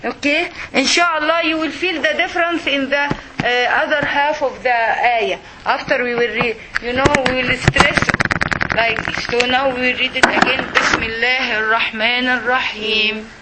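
A woman teaching a Quran recitation class, slow and patient, repeating words for her students to echo. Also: high voice, steady tone, heavy background noise.

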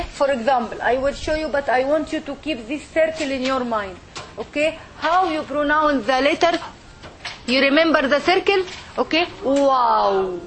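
There's slight background noise as a high-pitched woman leads a language lesson for a group of students. She patiently models sounds and checks in with "okay?".

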